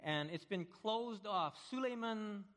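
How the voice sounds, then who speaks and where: A man with a high voice preaches a sermon, drawing listeners in with vivid stories and swinging from hushed to loud. His words ring out with a long reverb, as if spoken in a large church sanctuary. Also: slow. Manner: animated storytelling, swings between hushed and loud. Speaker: pastor.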